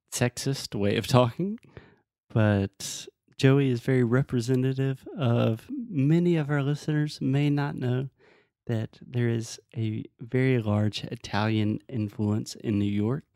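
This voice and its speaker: A man's voice: mid-range voice, fairly even intonation, slow pace, warm tone, no room sound, clean studio sound. A man co-hosting a podcast as an English teacher, patiently explaining words and drilling pronunciation in casual chat.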